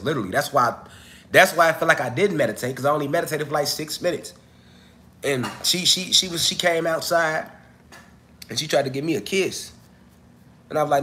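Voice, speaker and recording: A man's voice: fairly high pitch, fairly bright tone, a little hiss or hum. A man hosting a casual livestream, coughing as he recovers from an illness, talking loosely and profanely straight to his viewers. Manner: loose, profane, chatty, addresses viewers directly. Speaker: livestream host.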